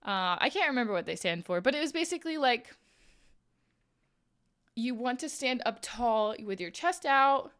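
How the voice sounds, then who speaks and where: Chatty young woman streamer, slightly high voice. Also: normal speed, long pauses, smooth. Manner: chatty, animated, many "like"s, acts out quoted voices. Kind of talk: casual storytelling chat. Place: home streaming setup, crafting while talking.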